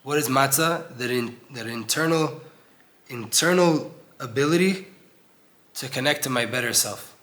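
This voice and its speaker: A man's voice: medium pitch, unhurried, fairly bright tone. A young man teaching an informal Torah class in an old synagogue, earnest and conversational, acting out voices when he quotes people.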